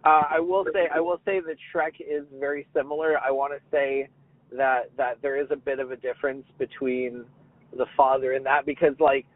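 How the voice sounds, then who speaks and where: A man's voice: medium pitch, steady tone, normal speed, slight background noise. A male podcast host in casual chat, jokey and full of restarts, who likes trying out silly voices. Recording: dry tinny phone-like line.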